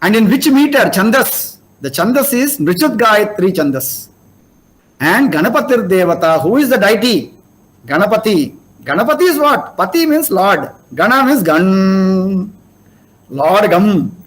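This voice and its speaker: In a poor-quality recording, an older lecturer with an Indian English accent speaks unhurriedly in a high, sing-song voice. His spiritual talk moves step by step, punctuated by rhetorical questions.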